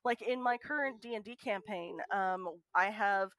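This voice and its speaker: A woman guest on a podcast, chatting in an animated way with lots of fillers. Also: medium pitch, moderate pace, dry recording. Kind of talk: casual podcast chat.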